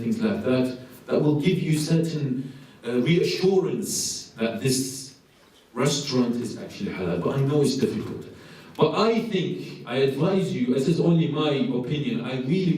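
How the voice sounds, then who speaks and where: A man's voice: medium pitch, warm tone. A man gives a religious lecture, asking rhetorical questions and acting out voices. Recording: echoey hall from far off.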